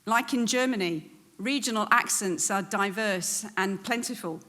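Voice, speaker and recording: Woman giving a measured welcome speech. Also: medium pitch, pushed and bright. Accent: southern English. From England. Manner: measured, earnest, with frequent ums. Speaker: event host, director welcoming audience. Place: event venue hall.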